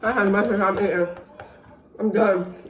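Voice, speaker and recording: A woman's voice: medium pitch, steady tone, moderate pace, echoey room, background noise. A woman co-hosting a spicy noodle challenge vlog at home, laughing and cursing bluntly. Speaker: vlogger. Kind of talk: casual chat.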